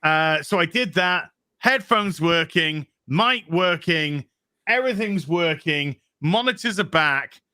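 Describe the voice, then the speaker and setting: A man's voice: a little high, takes it slowly, clean tone, dry recording. Male co-host, breathless, rambling storyteller, dry close mic. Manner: rambling, animated storytelling with many restarts. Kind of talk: casual livestream chat.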